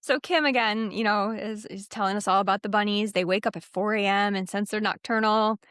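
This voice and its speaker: A woman co-hosting a casual podcast, telling the story with lots of laughs and "um"s. Her voice sits at an ordinary middle pitch. The sound is dry and close, with no room around it. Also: fairly even intonation, a little fast, fairly bright tone, smooth, dry recording. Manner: recaps with frequent laughs and fillers. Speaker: podcast co-host. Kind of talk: casual chat.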